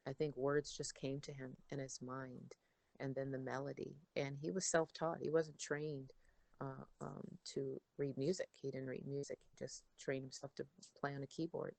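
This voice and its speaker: A middle-aged woman as an interview guest, chatting casually and telling animated stories. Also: rumbling low, moderate pace, creaky, no room sound. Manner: animated storyteller, acts out her father's voice. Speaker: interview guest, daughter of a songwriter.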